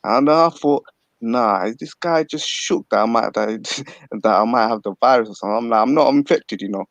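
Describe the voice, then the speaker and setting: A gravelly-voiced man rambles through his story in casual livestream chat, swearing as he goes. The sound is dull and lo-fi, dry and close over an online call. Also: medium pitch, moderate pace, no room sound. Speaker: panel guest. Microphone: video call.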